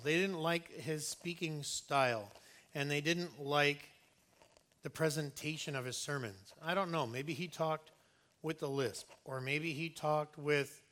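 A man preaches in an earnest, conversational way, stressing his points and often restarting his sentences. His voice sits a little high and sounds bright and forceful. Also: a little slow. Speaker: pastor. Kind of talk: sermon.

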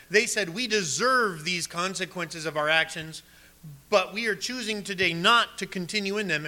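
Bright-voiced preaching male pastor. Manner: emphatic preaching, drops low and soft on key words. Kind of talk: sermon.

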